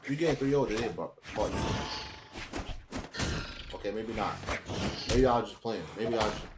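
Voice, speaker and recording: A young man, hosting a gameplay channel, trash-talking opponents and shouting when matches heat up. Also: lowish voice, normal speed, very noisy. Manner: excitable trash talk, shouts and taunts when fighting. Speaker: gaming channel host. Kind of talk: gameplay commentary.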